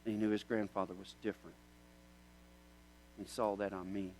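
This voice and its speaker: A man preaching a sermon. He tells a story in a conversational way, then builds to loud, emphatic questions. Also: fairly low pitch, level tone, moderate pace, slight background noise, low-quality recording. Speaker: pastor.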